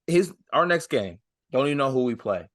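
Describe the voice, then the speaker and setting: A young man co-hosting a casual sports podcast, skeptical and quick to push back on his partner. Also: medium pitch, sing-song, no echo, studio quality. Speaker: podcast co-host.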